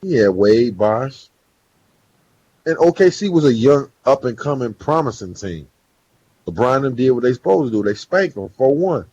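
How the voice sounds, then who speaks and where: A man's voice: medium pitch, very animated, normal speed, mellow, husky, dry recording. A man co-hosting a podcast, arguing sports points in slangy casual talk and reeling off stats. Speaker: podcast co-host. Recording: dry, dull, slightly muffled mic.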